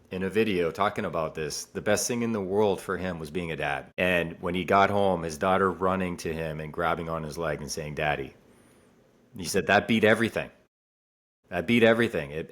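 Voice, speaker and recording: A man with a very low voice speaks earnestly in a casual podcast conversation. He circles back to the same phrases over and over to stress how strongly he feels. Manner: earnest, repeats phrases for emphasis. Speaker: podcast co-host, father.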